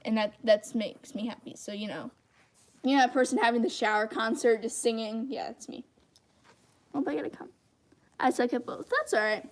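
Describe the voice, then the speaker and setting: A teenage girl with a high-pitched voice, rambling and self-deprecating in casual livestream chat while she draws. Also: normal speed. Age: teens. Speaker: channel host.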